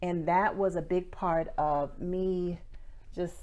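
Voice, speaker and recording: Young woman vlogging about her biz, kinda low voice, chatty and candid, lots of likes. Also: steady tone, slow pace, darkish tone. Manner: candid, chatty, says "y'all" and "like" a lot. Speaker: small business owner and vlogger. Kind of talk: casual chat to camera.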